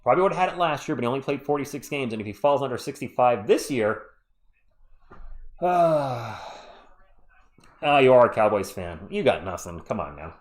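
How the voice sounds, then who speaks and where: Man, congested, fan play-by-play host, animated up-and-down delivery, talks to live chat. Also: mid-range voice, moderate pace. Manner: chatty, reads live chat between calls.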